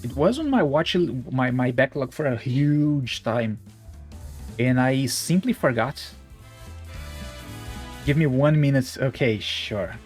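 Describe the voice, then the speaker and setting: A man's voice: medium pitch, lively intonation, slow, long pauses, darkish tone, faint music behind. A man streaming a game live, chatting casually and self-deprecatingly, stumbling over his words at a desk microphone. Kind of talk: live-stream gameplay chat and reading.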